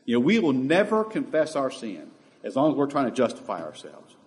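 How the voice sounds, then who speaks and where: A male preacher delivers an impassioned sermon a little fast. His pitch swings up and down in lively arcs, and he moves between ringing emphasis and near-hushed asides.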